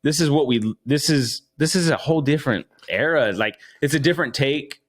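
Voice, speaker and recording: A man's voice: fairly high pitch, a little fast. Podcast co-host, male, loose profane delivery, circles back on his points. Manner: profane, rambling, repeats himself. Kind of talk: casual chat.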